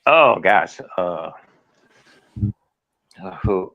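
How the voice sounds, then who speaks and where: A man guest telling stories in an interview, animated and laughing often. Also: low voice, very slow, no room sound, lo-fi sound. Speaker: guest, former wrestler. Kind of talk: storytelling interview.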